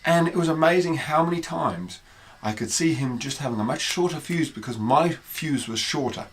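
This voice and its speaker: A man, a dog trainer, speaking in a relaxed, conversational way as he tells stories on a podcast. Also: a little high, moderate pace, slight background noise. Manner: conversational, anecdotal, acts out quotes. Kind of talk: podcast monologue, storytelling.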